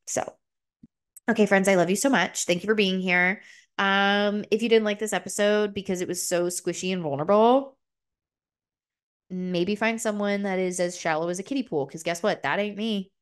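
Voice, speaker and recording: A young adult woman hosting a solo podcast, talking openly and emotionally and swearing freely, her voice jumping up high when she gets excited. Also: normal speed, clean tone. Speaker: podcast host. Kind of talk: solo confessional podcast talk.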